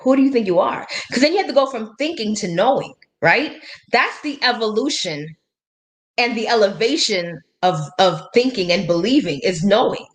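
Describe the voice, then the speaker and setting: Woman, motivational coach, slightly high voice, emphatic and preachy, quotes scripture, laughs between points. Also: animated, moderate pace. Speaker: life and business coach. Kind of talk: motivational live-stream talk.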